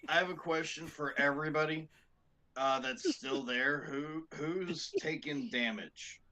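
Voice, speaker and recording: A man's voice: fairly high pitch, a little slow, crowd noise, poor audio. A man playing a tabletop role-playing game, making dry, wry remarks and checking in with the group. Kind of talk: casual game-table chat.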